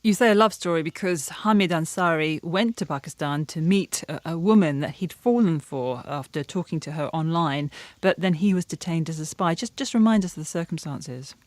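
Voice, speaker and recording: A woman presenting a news podcast in a measured, scripted way. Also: sits low, dry recording.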